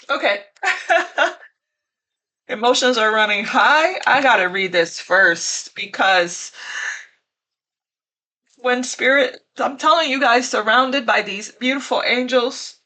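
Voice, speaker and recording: A woman's voice: a little high, a little slow, bright, forceful tone. A woman giving a casual tarot reading, emotional and teary, gushing and repeating her phrases. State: teary, choked up. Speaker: tarot reader.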